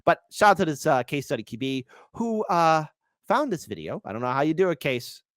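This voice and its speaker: A man hosting a political commentary livestream, sarcastic and switching between loud outbursts and quiet asides. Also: fairly high pitch, very animated, brisk, no echo, clean studio sound.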